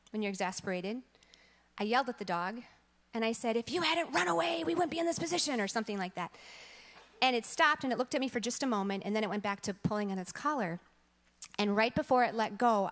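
A woman's voice: mid-range voice, long reverb tail. A woman in her thirties or forties, a church teacher, telling a story in a sermon and acting out the quotes in it. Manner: animated storytelling, acts out quotes. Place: church sanctuary.

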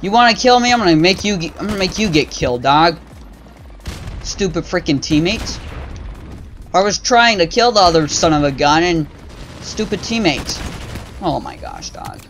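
A man's voice: a little high, lively intonation, moderate pace, long pauses, fairly bright tone, a little hiss or hum. A young man doing live gameplay commentary for his gaming channel, trash-talking his teammates in slang and getting easily frustrated.

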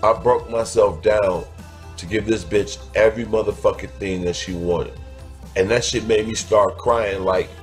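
A man's voice: lowish voice, steady tone, a little slow, faint music behind. A man telling a crude personal story, blunt and profane, stretching out words for emphasis.

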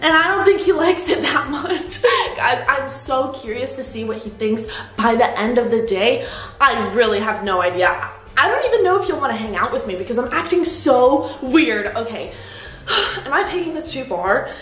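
A woman's voice: sits high, big pitch swings, normal speed, a bit bright. A young woman vlogger pranking her boyfriend at home with an exaggerated, gushing girly act. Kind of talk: prank vlog, talking to camera. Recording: roomy echo.

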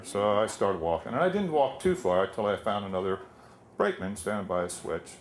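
A man's voice: fairly low pitch, lively intonation, a little fast, a little hiss or hum. An older man telling a wry personal story live on stage, conversational with many fillers.

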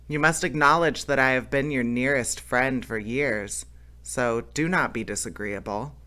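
A man's voice: mid-range voice, unhurried, bright, forceful tone. A man voicing a middle-aged male bandit who speaks in an offhand, reproachful way.

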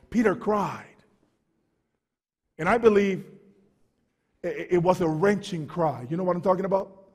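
Fervent preaching man, high voice. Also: unhurried, pauses often, slightly rough, big-room sound. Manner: fervent preaching, swings from quiet to shouting; stammers and repeats words. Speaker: pastor. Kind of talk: sermon.

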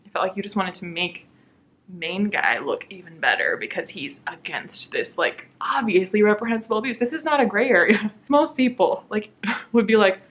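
A woman's voice: medium pitch, normal speed. Sarcastic young woman ranting about a book. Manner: sarcastic, animated, frequent laughs and mock voices. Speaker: book reviewer. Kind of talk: casual vlog review rant.

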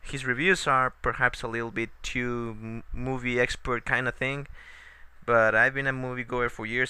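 A man doing profane let's play commentary, talking slowly and hesitantly with lots of fillers. His voice is very bright and smooth. He keeps yelling and swearing at the game. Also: medium pitch.

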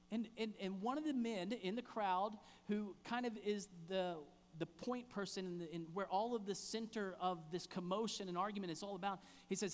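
A pastor delivering an impassioned sermon, pausing for emphasis and repeating key phrases. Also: male voice, high voice, big-room sound. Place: church sanctuary.

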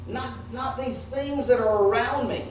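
A man's voice: extremely high pitch, a little slow, a little mellow. A male pastor preaching an earnest, emotional sermon full of repeated phrases. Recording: echoey room heard from a distance with faint noise.

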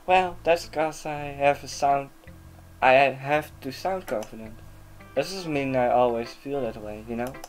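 A confident, cheerful teenage girl who runs a literature club, read aloud by a man. The voice sits at a middle pitch and is nudged a little higher and brighter for her lines, friendly and assured throughout. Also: measured pace, faint music behind, lightly acted. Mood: upbeat. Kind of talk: reading game dialogue aloud.

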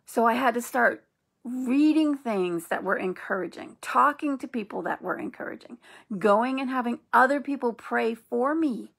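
A middle-aged woman hosting an inspirational channel, speaking in a gentle, earnest and reassuring way. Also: on the high side, lively intonation, normal speed, gravelly, husky. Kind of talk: encouraging spiritual talk.

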